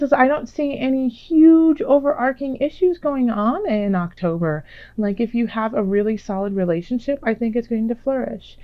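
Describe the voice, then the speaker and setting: A woman with a slightly raspy, still-recovering voice gives a gentle tarot reading into her own mic. She reassures and ums her way along. The sound is dry and a little dull. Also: fairly high pitch, dry recording. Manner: gentle, reassuring, many fillers. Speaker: tarot reader. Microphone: own microphone.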